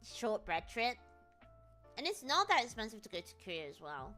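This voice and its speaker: A woman's voice: fairly high pitch, sing-song, normal speed, pushed and bright, faint music behind. A British woman streaming, chatting casually in a rambling, jokey way with lots of laughter. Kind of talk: casual chat.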